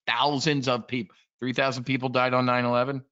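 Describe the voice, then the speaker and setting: A man's voice: mid-range voice, flat delivery, brisk, sharp tone, muffled recording. A man giving a casual, blunt and profane trade briefing, talking in a rambling way as a trading educator.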